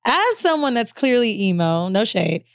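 A woman's voice: on the high side, big pitch swings, normal speed, no echo. Woman podcast host, casual chat, frank storyteller, dry close sound. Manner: candid, laughing storyteller.

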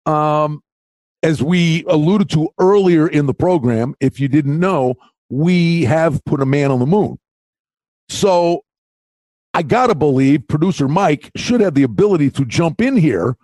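A fairly high-voiced man co-hosting a sports betting podcast in casual chat. He talks in animated, quick bursts and often jumps in over his co-host. The sound is dry and close, with no room around it. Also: dry recording.

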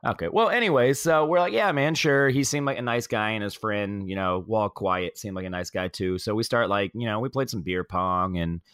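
A man co-hosting a podcast who tells stories in an animated, casual way. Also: lowish voice, brisk, hardly any pauses, clear, resonant tone, dry recording, studio quality. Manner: animated storyteller. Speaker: podcast co-host. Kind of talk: casual chat.

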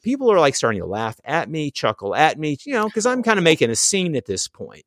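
A man telling a story in casual chat, animated and acting out what people said. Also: on the high side, fairly quick, no room sound, clean studio sound. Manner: animated storytelling, acts out quotes.

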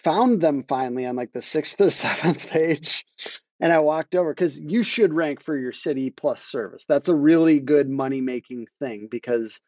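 Over a dry, lo-fi recording, a marketing agency owner speaks as a podcast guest in a slightly high, slightly mellow voice at normal speed. Telling a story casually, he rambles, self-interrupts, and laughs.

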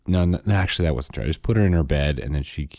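Casual male co-host, low voice, dry close mic, animated storyteller. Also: very fast, dry recording. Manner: animated storyteller, acts out quotes, self-correcting. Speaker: podcast co-host, father.

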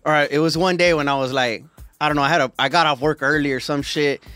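A man's voice: a little high, steady tone, fast talker, pushed and bright, no room sound, faint music behind. A man guesting on a comedy podcast, laid-back and swearing as he tells a story in casual chat.

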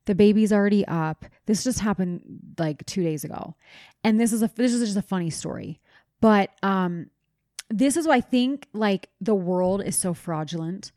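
Animated storytelling young mom, dry sound. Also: female voice, mid-range voice, normal speed, no echo. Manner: animated storyteller, swears casually. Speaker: podcast co-host. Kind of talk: casual chat.

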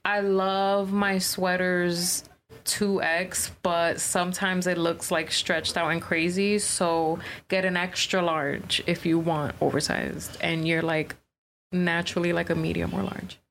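A woman's voice: fairly low pitch, flat delivery, vocal fry, fairly bright tone, a little hiss or hum. Teasing woman co-host, lots of "like". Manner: teasing, drawn-out filler words. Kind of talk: casual chat.

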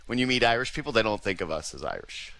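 A man co-hosts a casual hockey talk show with a bright, forceful voice. He jokes freely and slips into animated impressions of other people. His delivery is chatty and expressive. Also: lowish voice, quick pace, creaky. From Canada. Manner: animated, joking, acts out quoted voices.

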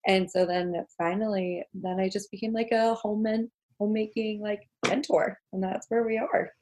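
A young woman guest telling stories about her life in a casual chat. She talks freely, with plenty of fillers and laughter, at a middling pitch. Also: normal speed. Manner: chatty storyteller, many fillers, laughs. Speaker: guest, homemaking mentor.

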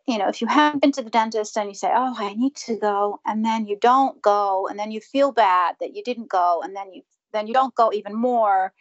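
A woman's voice: fairly high pitch, dull audio. A woman dentist speaking earnestly and reflectively in a conversational interview, sometimes acting out what her patients say. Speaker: dentist guest.

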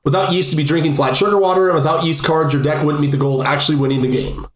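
A man co-hosting a podcast, chatting in a relaxed, joking way. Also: fairly high pitch, rapid-fire. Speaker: podcast co-host. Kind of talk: casual chat. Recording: echoey room.

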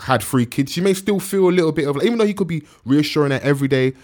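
A man co-hosting a podcast, talking quickly and loosely with lots of fillers and slang. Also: a little high, animated, darkish tone. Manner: fast, heavy use of slang and fillers. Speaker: podcast co-host. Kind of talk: casual chat.

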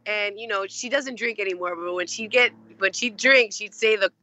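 A woman's voice: medium pitch, normal speed, pushed and bright. A woman being interviewed as an actress, telling stories in a chatty way with lots of fillers. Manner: chatty, many fillers, acts out quoted voices. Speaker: actress guest. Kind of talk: casual interview storytelling.

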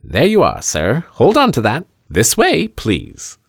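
A man's voice: mid-range voice, wildly swooping pitch, slow pace, gravelly, breathy edge, dry recording, clean studio sound, voice pushed up, full character voice. A man voicing a middle-aged carnival showman with grand, theatrical sales patter. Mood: showy.

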